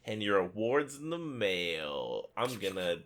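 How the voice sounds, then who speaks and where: Lively joking man co-hosting a podcast. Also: fairly low pitch, takes it slowly. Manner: playful, laughs often, jokey asides. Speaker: podcast co-host. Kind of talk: casual gaming podcast chat.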